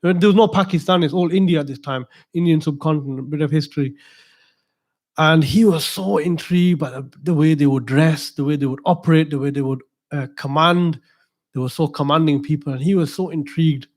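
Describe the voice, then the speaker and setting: A man's voice: on the high side, steady tone, a little fast. A man, a religious teacher telling a story in a talk, digressive and chatty with asides to the audience.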